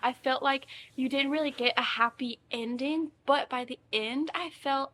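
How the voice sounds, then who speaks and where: A woman's voice: high voice, fairly even intonation, moderate pace, pushed and bright, a little hiss or hum. A young woman talking casually in a reading vlog, emotional and gushing about the books she reads. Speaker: book vlogger.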